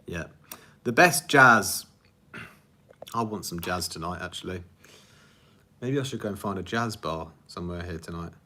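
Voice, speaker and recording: A chatty man runs a casual livestream Q&A as a music producer and rambles through viewer questions. He laughs easily and makes fun of himself. His voice sits on the low side but comes across bright and forward. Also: fairly quick. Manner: rambling, chatty, laughs often, self-deprecating.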